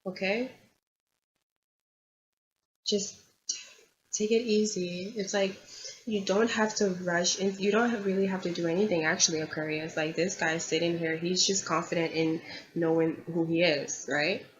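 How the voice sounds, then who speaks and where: Tarot-reader woman, lowish voice, earnest and confiding; dull lo-fi recording. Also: fairly even intonation, a little slow, pauses often. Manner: earnest, confiding, repeats herself. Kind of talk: tarot reading monologue. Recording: dull lo-fi audio with faint background hiss.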